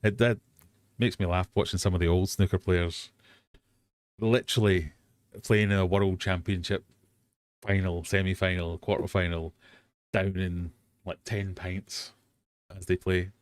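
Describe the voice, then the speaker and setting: A man's voice: deep voice, fairly even intonation, normal speed, long pauses, clear, resonant tone, no room sound. An English man hosting a live quiz stream, chatty and self-mocking, often drifting off on tangents. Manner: chatty, self-mocking, easily sidetracked, bursts into silly sung bits. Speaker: host of a live quiz hangout.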